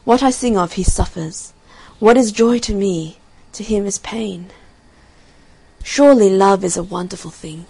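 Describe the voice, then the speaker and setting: A woman's voice: mid-range voice, measured pace, creaky, mellow, husky, rough recording. A woman voicing an ardent, tender nightingale. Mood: wondering. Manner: earnest, raised and ardent. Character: tender, devoted female nightingale. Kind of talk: storybook reading.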